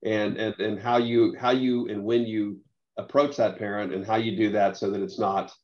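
Halting low-voiced man, muffled audio. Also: flat delivery, a little mellow. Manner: halting, many restarts and fillers. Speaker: soccer coach. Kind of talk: casual webinar discussion.

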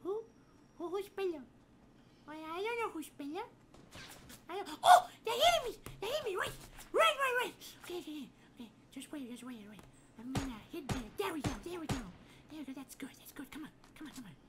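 A stammering, whiny little boy, squeaking in a very high voice and repeating his words. He calls for his mama and swears he's a grown man. A steady hiss of background noise runs under his voice. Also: fast talker. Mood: childish, whiny. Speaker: game streamer. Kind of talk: comedic gameplay role-play.

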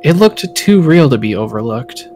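A man voicing a cocky male student in a fan audio drama, halting at times and quick to mock. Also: medium pitch, very animated, darkish tone, soft background music, close to an everyday voice. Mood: puzzled. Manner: halting, stammering, then mocking.

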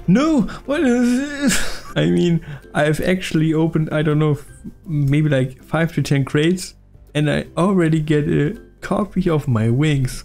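A man giving excitable gameplay commentary, swearing and laughing as he plays. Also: fairly high pitch, gravelly. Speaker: gaming YouTuber.

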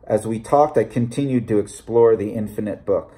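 A man reading a short story aloud in a measured, deliberate narration. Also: fairly low pitch, warm tone. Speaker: audiobook reader. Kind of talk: scripted narration.

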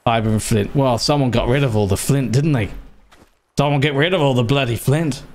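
A young man giving gameplay commentary as a streamer, excitable and swearing at the game as he plays. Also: medium pitch, brisk.

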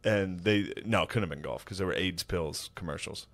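A man's voice: deep voice, brisk, fairly bright tone. A man hosting a casual podcast chat, telling family stories through frequent laughter and mimicking his dad. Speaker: podcast host.

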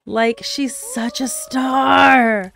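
A woman's voice: high-pitched, steady tone, extremely slow, gravelly, fairly bright tone, soft background music. A woman hosting a K-pop reaction video, gushing and exclaiming as she watches, with casual chatter and frequent laughs. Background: show audio playing underneath.

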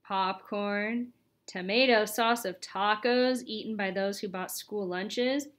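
A woman reading a children's chapter book aloud in an expressive, lively storytelling manner. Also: medium pitch, takes it slowly. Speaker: audiobook reader.

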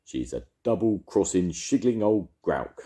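A man's voice: rumbling low, very animated, normal speed, mellow, full character voice. A man doing a grumbling caterpillar.

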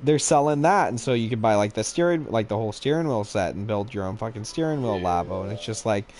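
A man co-hosting a casual gaming chat, swearing freely, excitable and laughing often. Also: fairly low pitch, quick pace. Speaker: co-host.

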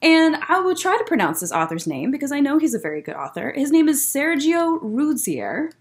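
Young librarian lady doing story time for little kids, chatty, voice bounces up and down a lot, kinda high. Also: fast. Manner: chatty and friendly, speaking to young children; animated, bouncy delivery. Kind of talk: virtual story time, reading a picture book aloud. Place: in a public library.

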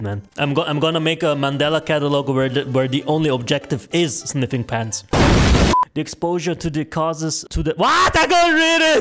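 A young man hosting a reaction video, talking loudly and joking, swearing a lot as he laughs at what he watches. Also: medium pitch. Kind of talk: casual reaction commentary.

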